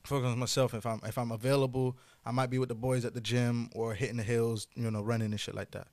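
A young man casually telling a personal story on a podcast, profane and animated, acting out the other people's lines. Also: mid-range voice, quick pace, no room sound. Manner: casual, profane, animated retelling with quoted dialogue.

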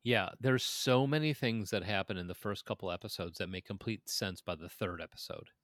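Bright-voiced man chatting bluntly. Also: on the low side, fairly quick, no room sound, clean studio sound. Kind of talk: casual chat.

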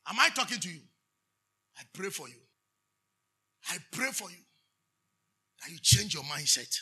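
A man's voice: high voice, very animated, moderate pace, pushed and bright, husky. A Ghanaian man preaching a sermon, preaching emphatically, drawing answers from the congregation with questions and switching between English and Twi. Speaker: pastor.

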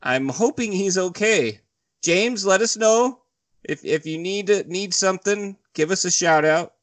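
A man's voice: high voice, measured pace, a bit bright, no room sound. A man co-hosting a podcast, chatting in an easygoing, playful way. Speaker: podcast co-host. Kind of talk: casual chat.

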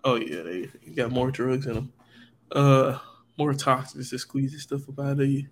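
A man's voice: mid-range voice, steady tone, moderate pace, slight background noise. A man co-hosting a podcast in casual chat while sick and congested, playful and drawling. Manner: playful, sings silly bits, drawling. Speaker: podcast co-host.

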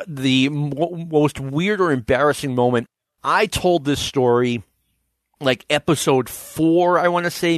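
A man's voice: medium pitch, dry recording, studio quality. A man in his fifties hosting a casual podcast, telling stories with lots of energy and acting out the quotes. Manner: animated storyteller, acts out shouted quotes. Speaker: podcast host.

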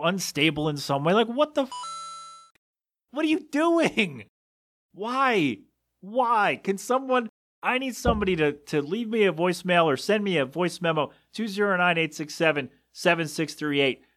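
Podcast guy going off in disbelief, kinda high voice, dry close mic, bit of a cough. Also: brisk, a bit bright, dry recording. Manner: exasperated, incredulous ranting with rhetorical questions. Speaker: podcast host. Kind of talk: solo podcast rambling.

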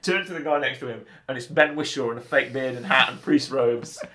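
Bright, teasing male co-host for a relaxed movie podcast. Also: medium pitch, brisk. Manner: teasing, playful. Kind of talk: casual film chat.

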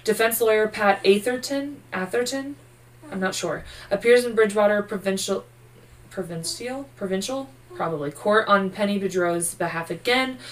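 A woman's voice: mid-range voice, normal speed, far from the mic, poor audio. A sleepy woman co-hosting a true-crime podcast, narrating the case casually with swearing and jokes. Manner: profane, loose and joking while reading case notes. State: sleepy, yawning. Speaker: podcast co-host.

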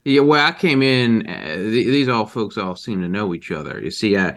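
A cagey rural witness with a very low, deep voice stumbles through his account, as a man plays him in a tabletop game. He hedges with fillers and folksy turns of phrase, slow to get to the point. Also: expressive, fairly bright tone. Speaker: player character being questioned. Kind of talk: improvised tabletop role-play.

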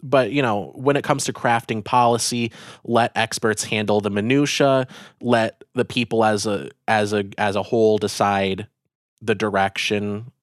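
Smooth low-voiced man chatting. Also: steady tone, moderate pace, no room sound, studio quality. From United States. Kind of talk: casual conversation.

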